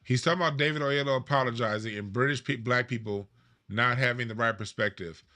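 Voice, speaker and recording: Bright-voiced man hosting reaction commentary. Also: medium pitch, fast talker. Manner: animated, breaks down clips, repeats himself for emphasis. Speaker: podcast host reacting to clips. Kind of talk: commentary over played clips.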